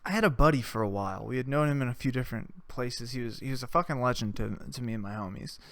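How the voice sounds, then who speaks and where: A man's voice: medium pitch, fast, fairly bright tone, no echo. A young adult man hosting a podcast. He tells stories in a loose, casual monologue, swears a lot and laughs at his own tales. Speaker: podcast host.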